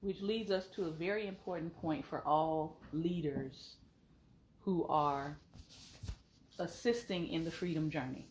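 Measured, deliberate prophet teaching. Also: mid-range voice, darkish tone, slight background noise.

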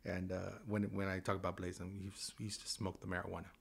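Fast and low, his voice creaky and slightly rough, a guest in his fifties from Southern California tells stories casually. He's animated, acting out the dialogue in shifting voices.

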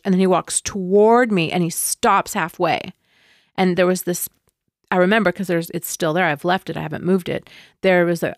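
A middle-aged woman tells a personal story in a loose, rambling way, full of fillers and asides. Her voice turns soft and tender when the story gets emotional. The sound is close and dry, with no room echo. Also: medium pitch.

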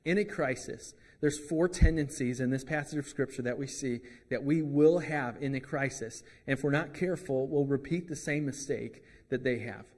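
A man's voice: mid-range voice, moderate pace, few pauses, darkish tone, husky, long reverb tail. A man preaching a sermon as pastor, in a conversational way with joking asides.

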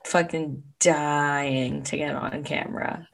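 A woman with a low voice co-hosts a podcast. She speaks bluntly, swears freely, and keeps the tone loose and casual. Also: steady tone, slow pace, creaky, a crowd in the background. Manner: blunt and profane. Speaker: podcast co-host.

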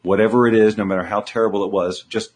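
Man, low voice, earnest, emphatic, coaching talk, rhetorical questions. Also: fairly even intonation, fast, darkish tone. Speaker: guest speaker.

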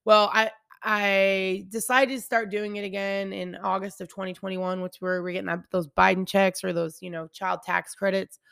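A woman's voice: mid-range voice, little pitch movement, normal speed, creaky, hardly any pauses, a bit bright, clean tone, dry recording, clean studio sound. A woman in her thirties hosting a podcast, talking candidly and rambling to her listeners about faith and daily life. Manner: candid, rambling, addresses listeners as you guys. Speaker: podcast host. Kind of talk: casual devotional podcast chat.

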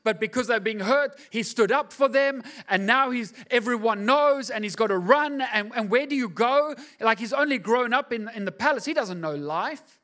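A man with a fairly high voice preaching a sermon. He retells scripture in a casual, slangy way. He slips in playful impressions and rhetorical questions to the congregation. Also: lively intonation, moderate pace, bright, forceful tone. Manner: casual slangy storytelling with acted-out asides. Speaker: pastor.

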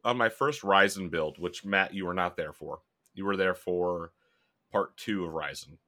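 Man, very low voice with a bright edge, loose profane chatter. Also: moderate pace. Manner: profane, rambling storyteller. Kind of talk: casual chat.

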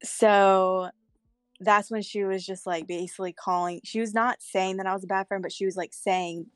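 A woman's voice: mid-range voice, steady tone, moderate pace, dry recording, clean studio sound. A young woman telling a candid story in casual chat, swearing freely.

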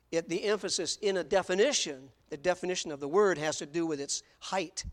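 A male pastor preaching a sermon, emphatic, who repeats key words in lists and asks the congregation questions. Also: high-pitched.

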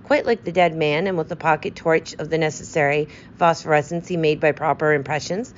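Lady reading a fussy little detective guy, clipped and sure of himself, low voice, kinda dull recording with faint hiss. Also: fairly even intonation, a little fast, natural voice. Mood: brisk. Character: fussy precise male Belgian detective.

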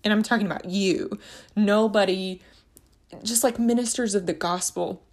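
A woman's voice: medium pitch, fairly even intonation, normal speed. A woman hosting a casual faith-and-money monologue, talking in an earnest, rambling, passionate way.

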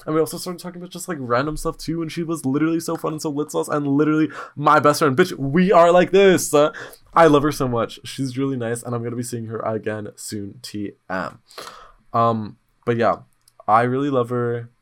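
A man hosting a podcast in casual chat, telling stories in a blunt, slangy, animated way with sudden excited jumps in pitch. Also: brisk. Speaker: podcast host.

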